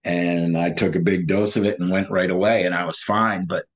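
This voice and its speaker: A man guest on a video call, telling his story in an animated way, laughing and acting out past conversations. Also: sits low, moderate pace.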